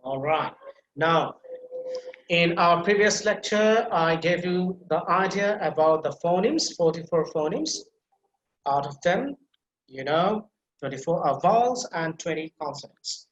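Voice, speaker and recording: A man's voice: on the high side, muffled recording. Male instructor, patient step-by-step explainer, roomy echoey sound. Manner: explains step by step, repeats key points, many fillers. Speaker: teacher. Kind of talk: online pronunciation lecture.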